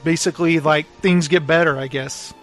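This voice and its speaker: Guy cohosting a book podcast, kinda high voice, recaps scenes and does the quotes. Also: steady tone, normal speed, fairly bright tone, faint music behind. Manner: retells scenes, acting out quotes. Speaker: podcast co-host. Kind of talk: casual book club chat.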